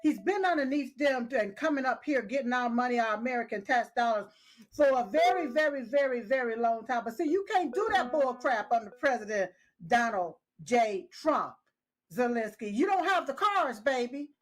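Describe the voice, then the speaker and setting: Emphatic high-voiced woman commentator. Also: animated, normal speed. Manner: emphatic, repeats herself with "yes, yes" and "uh-huh"; scolding, talks straight at the people she criticizes. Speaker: political commentator. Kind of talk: casual opinionated commentary.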